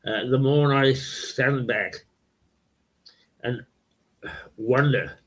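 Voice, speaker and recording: Hosting a local webcast, an older man who works as a local TV host talks in a rambling, easygoing way, slow and halting, his gravelly, croaky voice packed with fillers and repeats. The pitch is medium and a bit bright, captured in dull, lo-fi webcast sound.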